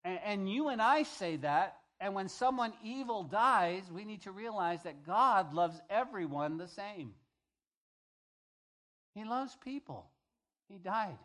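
A man's voice: sits high, animated, slow pace, fairly bright tone. A male pastor giving a conversational sermon, reading scripture aloud and paraphrasing it in everyday speech.

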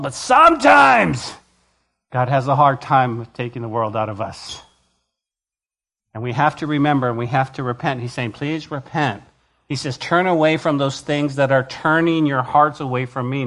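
A man preaching a sermon to a church, swinging between loud emphatic lines and quiet, intimate ones. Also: medium pitch, normal speed. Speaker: pastor.

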